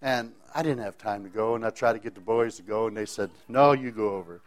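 A man shares a personal faith testimony, speaking fairly quickly in a voice on the low side. His telling is folksy and rambling, and he often starts his sentences over.

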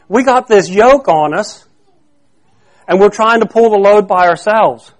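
A man's voice: high voice, lively intonation, unhurried. A male pastor preaching a sermon to his congregation, talking conversationally, repeating and restarting phrases and quizzing the listeners to fill in words.

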